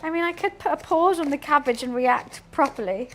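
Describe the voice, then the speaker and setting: Young British woman, streamer cooking live, slightly high voice, flat chatty delivery, faint background noise. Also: brisk. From United Kingdom. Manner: chatty, deadpan-sounding, reads and answers chat while cooking. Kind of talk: casual cooking stream chat.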